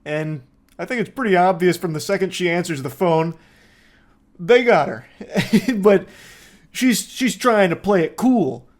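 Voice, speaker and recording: A man's voice: high-pitched, unhurried. A man giving sarcastic, profane reaction commentary on a police video. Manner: sarcastic, profane, breaks into laughter.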